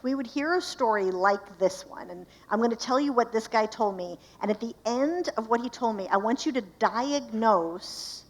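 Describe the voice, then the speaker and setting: A woman speaking at a church marriage conference, telling a story with animation and asking the audience questions. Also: fairly high pitch. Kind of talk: storytelling talk to a live audience.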